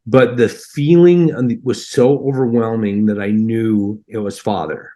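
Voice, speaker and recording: A man's voice: fairly low pitch, unhurried, warm tone. A man earnestly recounting a personal near-death experience in a heartfelt, conversational way, acting out his own reactions.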